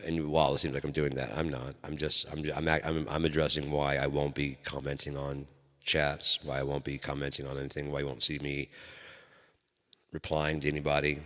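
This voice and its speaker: Man, very deep voice, bright edge, profane rambling talk, long reverb. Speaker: channel host. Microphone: microphone.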